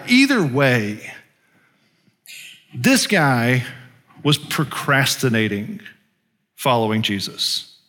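Bright-voiced preacher in an echoing hall. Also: male voice, a little high. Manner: casual, conversational preaching with fillers. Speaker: pastor. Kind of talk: sermon. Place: church sanctuary. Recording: long hall reverb.

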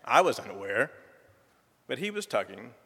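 A lively man from the southern United States gives a church testimony in a husky mid-range voice at normal speed. His storytelling is folksy with gentle humor, recorded in a reverberant church sanctuary.

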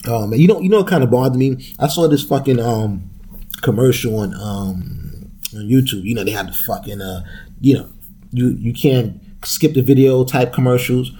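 A man's voice: mid-range voice, moderate pace, mellow, slight background noise. A man hosting a solo podcast, talking in a loose, profane, rambling way and laughing often. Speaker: podcast host. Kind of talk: casual solo podcast rant.

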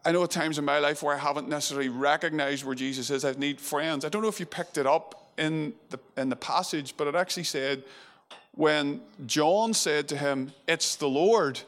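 A man's voice: a little high, steady tone, fairly quick, a bit bright. A male preacher giving an earnest, conversational sermon, retelling scripture vividly.

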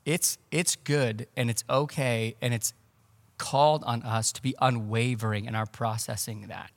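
A man preaching a sermon as pastor, conversational and animated, with casual asides. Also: medium pitch, a little slow, in a large hall. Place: church.

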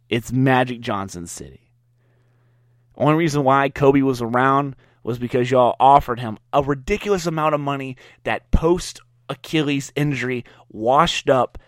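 A young man from Louisiana hosts a solo sports podcast, ranting sarcastically and getting worked up. His voice sits at an ordinary middle pitch. The recording is close and dry with no room sound. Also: no room sound. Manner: sarcastic, mocking, riled up. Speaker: podcast host.

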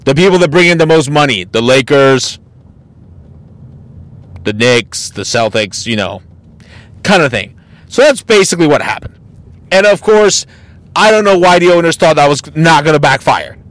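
A man's voice: a little high, lively intonation, normal speed, long pauses, fairly bright tone, no room sound. A man hosting a casual solo podcast, ranting bluntly and mockingly with plenty of swearing. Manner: mocking and exasperated. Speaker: podcast host.

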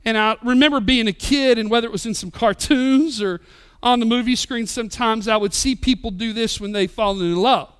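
High, bright, impassioned preaching man. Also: normal speed, smooth. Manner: impassioned, swings between loud and soft. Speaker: pastor. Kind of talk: sermon. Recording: live church sermon podcast.

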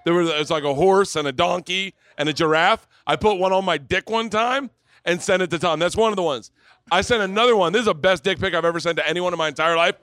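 Loud rambling man telling stories. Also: sits high, quick pace, no room sound. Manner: loud, rambling, swearing, laughing storyteller. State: tipsy. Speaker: podcast host. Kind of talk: live podcast comedy storytelling. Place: brewery stage before a live audience.

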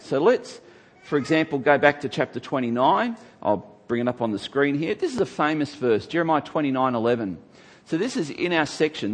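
A man teaching from the Bible in a conversational sermon, emphatic and acting out the people he quotes. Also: mid-range voice.

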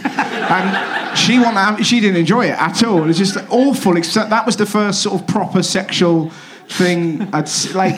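A man from Somerset, a comedian guest telling sweary, animated anecdotes on a live stage. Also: high-pitched, moderate pace, hardly any pauses. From Somerset, England. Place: theatre stage before a live audience. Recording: noisy live theatre recording.

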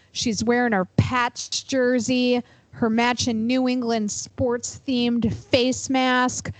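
A woman co-hosting a podcast, talking in an animated, emphatic, profane way. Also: fairly high pitch, no echo, rough recording. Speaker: podcast co-host. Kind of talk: casual chat.

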